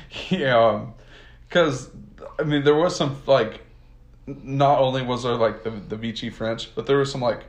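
A man's voice: mid-range voice, measured pace. Casual male host from the US, slangy and chatty, lots of fillers; roomy, echoing sound. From United States. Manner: rambling, full of "like" and laughs, slangy. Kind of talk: casual history retelling. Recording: roomy echo.

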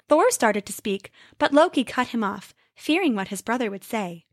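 A woman telling a storybook tale aloud with an expressive, lively reading. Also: a little high, normal speed, no echo, studio quality.

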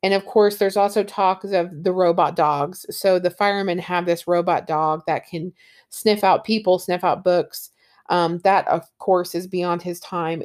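A woman's voice: on the low side, a little mellow. Enthusiastic woman book reviewer, casual, reads passages aloud. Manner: enthusiastic, with fillers like um and you know.

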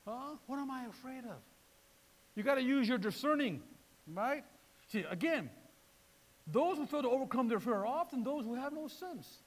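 A man preaching a sermon in a lively way, repeating words and acting out voices. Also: very high voice, moderate pace, long pauses, long reverb tail. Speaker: pastor.

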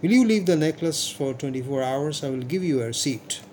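A wary, businesslike jeweler who speaks formally and briskly, as a male narrator reads him. His voice is on the higher side, with faint background hiss. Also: animated, darkish tone, lightly acted.

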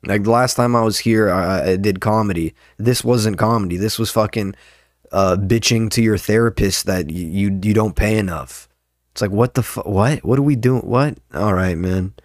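A man's voice: on the low side, normal speed, dry recording, clean studio sound. A young man and open mic comedian, rambling and swearing a lot in a casual podcast monologue. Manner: rambling, profane, ranting.

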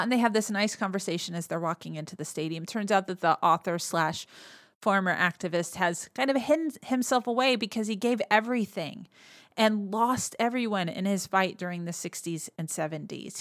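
A woman of ordinary mid pitch hosts a podcast, walking through a movie's story in a loose, conversational way. She laughs often and drops into quick quoted lines for the characters. The sound is close and dry, with no room around it. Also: fairly bright tone, dry recording. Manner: chatty, laughs often, retells scenes with quick quoted voices. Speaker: podcast host. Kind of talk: casual movie recap.

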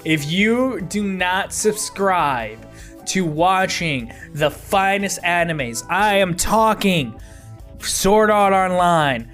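A brash young fanboy defends his favorite shows with slow, drawn-out emphasis and won't back down, as a man puts him on for a tabletop game. He sounds sure of every word. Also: sits high, expressive, fairly bright tone, faint music behind, heavily acted. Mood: insistent. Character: brash young male anime fanboy, stubborn.

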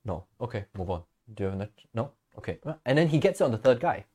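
A man's voice: mid-range voice, rapid-fire, slight background noise. A man co-hosting a podcast, chatting casually, telling stories and acting out quotes with easy laughs. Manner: relaxed storytelling, laughs easily, acts out quotes. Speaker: podcast co-host.

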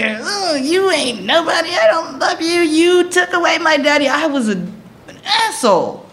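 A woman in her thirties telling a personal story, animated and profane, often laughing as she talks. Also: fairly high pitch, slight background noise.

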